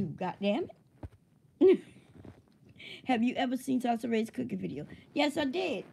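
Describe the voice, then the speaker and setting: A woman's voice: fairly high pitch, darkish tone, slightly rough. A woman hosting a casual livestream, who chats loosely, laughs often and swears freely. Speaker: livestream host.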